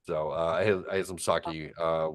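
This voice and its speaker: Deep guy in his 50s rambling thru a story, lots of restarts, pops into a higher voice for quotes. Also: level tone, normal speed. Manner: acts out quoted people in a raised voice. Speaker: host. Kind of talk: casual chat.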